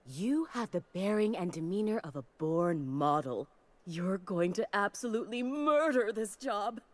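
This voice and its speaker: A woman's voice: medium pitch, animated, measured pace, close to an everyday voice. A woman voicing a flamboyant fashion designer in a video game, theatrical and doting, full of endearments. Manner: grandiose, theatrical, showering people with endearments. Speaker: game character.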